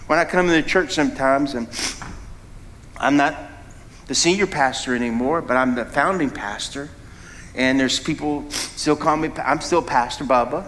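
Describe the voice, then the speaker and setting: A middle-aged preacher delivers his sermon in a bright, forceful voice that sits a little high for a man. He swings from low, steady talk to sudden, louder peaks and puts questions to the congregation. A faint hum of the room sits under his voice. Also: moderate pace. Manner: animated preaching with sudden rises in pitch and volume, asks the congregation questions. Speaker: founding pastor.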